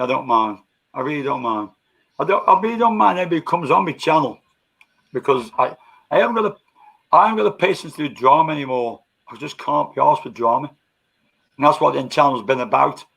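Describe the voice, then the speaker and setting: A man's voice: medium pitch, lively intonation, brisk, creaky, fairly bright tone, highs cut off. A man hosting a casual live-stream chat, bantering with coarse slang and laughing often.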